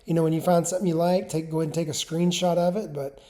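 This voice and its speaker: A man's voice: a little high, flat delivery, rapid-fire, dark tone. A man from a home improvement company giving a casual screen-share tutorial. He talks conversationally, often checks in with the viewer, and restarts his sentences while clicking through options. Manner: conversational, checks in with rhetorical questions.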